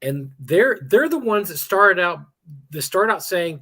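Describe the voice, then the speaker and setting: Chatty man with a higher voice. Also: big pitch swings, a little slow, bright, forceful tone. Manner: rambling, chuckling, acts out quoted players. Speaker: co-host of a gaming talk stream. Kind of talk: casual chat.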